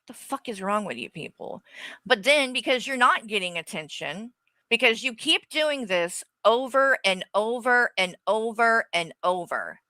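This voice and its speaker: A woman with a bright, cutting voice rants at her chat on stream, swearing and defensive. She reads comments aloud and snaps back at them. The recording is dry and close. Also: a little high, big pitch swings, measured pace, no room sound. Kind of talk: live stream rant.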